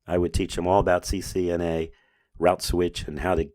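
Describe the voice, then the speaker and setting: Middle-aged male podcast host, very low voice, chatty anecdotal storyteller who plays both sides of the talk. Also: flat delivery, moderate pace, darkish tone, no room sound, studio quality. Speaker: business owner hosting a podcast. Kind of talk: casual storytelling monologue.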